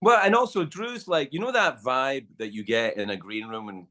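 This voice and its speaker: A middle-aged Scottish man spinning an anecdote with a lively voice that swoops up and down as he acts out the other people in it. His pitch sits in an ordinary middle register, and he talks loosely, swearing often, like a guest in relaxed conversation. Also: normal speed. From Scotland. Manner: animated storyteller, acts out quotes, swears freely. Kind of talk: casual storytelling chat.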